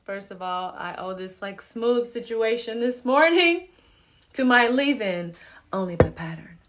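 A woman in her thirties talks to her viewers through a phone live stream from home. Her delivery is unhurried and loose, chatty, with laughing asides as she reads their comments. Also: fairly high pitch, animated, fairly bright tone. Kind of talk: casual chat reading viewer comments. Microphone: phone camera.

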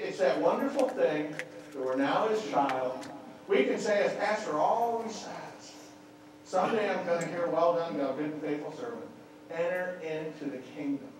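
A man's voice: high voice, far from the mic, slight background noise. A man preaching a sermon and telling stories, often repeating words as he restarts. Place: church sanctuary. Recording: echoey church hall, mic from afar.

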